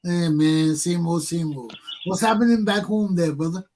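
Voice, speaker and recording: A man's voice: a little high, moderate pace, a little mellow, a little hiss or hum. A man hosting a talk show, opening formally and then chatting in a friendly way with his correspondent.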